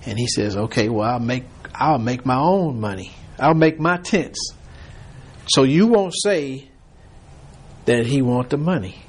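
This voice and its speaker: A man's voice: medium pitch, animated, unhurried, slightly rough. A man leading an informal Bible study, rambling as he retells scripture in quoted voices.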